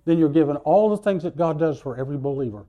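A man preaching a sermon, telling the story with lively swings between loud bursts and soft asides. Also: on the high side, fast, highs cut off.

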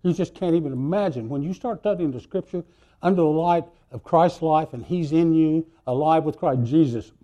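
A man preaching a sermon, telling the story with lively swings between loud bursts and soft asides. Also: a little high, normal speed, highs cut off.

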